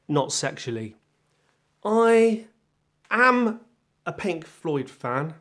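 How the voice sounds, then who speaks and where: A man's voice: a little high, fairly bright tone. A man hosting his own music channel, giving a casual first-impression chat about an album. He is self-deprecating and thinks aloud.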